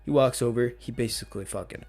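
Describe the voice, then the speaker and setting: A man's voice: mid-range voice, fast talker, gravelly, darkish tone. A man casually narrating a fan what-if story in a profane, rambling, slangy way. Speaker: channel host.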